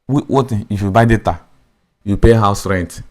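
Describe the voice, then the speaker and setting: A man with a Nigerian accent speaks in a fairly low voice. His delivery is emphatic, driving points home by repeating words and restarting sentences. He slips Pidgin phrases into his English. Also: normal speed, darkish tone. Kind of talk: impassioned political opinion.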